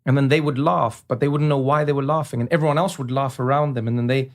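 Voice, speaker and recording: A man with a mid-range voice, talking as an interview guest. He tells stories animatedly, jumping into quick impressions of the people he describes. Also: medium pitch, fairly even intonation. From South Africa. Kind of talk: conversational storytelling.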